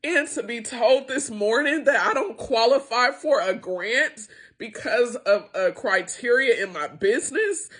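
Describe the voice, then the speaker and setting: Unhurried yet barely pausing, a woman speaks in a higher, expressive voice that is fairly bright with a breathy edge. The middle-aged founder and owner of a small business, she appeals to her viewers with emotion and passion, frustrated and close to tears.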